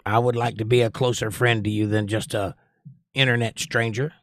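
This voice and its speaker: A man's voice: mid-range voice, level tone, moderate pace, dry recording, studio quality. A man from Georgia with a lightly Southern accent, hosting a livestream, reading chat messages aloud and musing on them at length. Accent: Georgia (US Southern), mostly suppressed. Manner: reads chat aloud in a lifted voice, then muses analytically. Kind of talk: casual chat.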